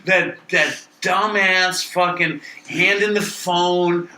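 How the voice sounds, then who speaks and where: A man's voice: high voice, steady tone, slow pace, sharp tone, slight background noise, low-quality recording. A man co-hosting a podcast, in loose, profane banter, teasing and mocking his co-host.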